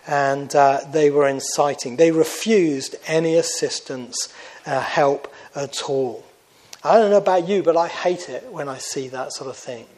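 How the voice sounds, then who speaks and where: Man, sermon, earnest, conversational, pitched a little high. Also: a little slow, low-quality recording. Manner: earnest, conversational, varies loudness for emphasis. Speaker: preacher.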